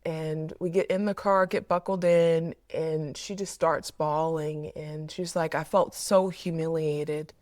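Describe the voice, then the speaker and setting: A woman's voice: low voice, flat delivery, unhurried, hardly any pauses, a little mellow, no room sound, clean studio sound. A woman therapist sharing a personal parenting story in a candid, reflective way, often repeating words as she thinks. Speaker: mental health therapist.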